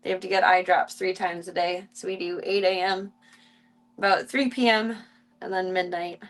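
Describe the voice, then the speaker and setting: A woman streaming casually, chatting to viewers and cooing baby talk to tiny animals in a soft, playful way. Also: fairly low pitch, steady tone, moderate pace. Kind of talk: casual live-stream chat.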